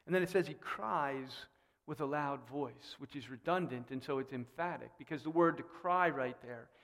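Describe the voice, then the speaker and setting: A man preaching a sermon in a church, animated and fond of rhetorical questions. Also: mid-range voice, normal speed. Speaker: pastor. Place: church sanctuary. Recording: long reverb in a church hall.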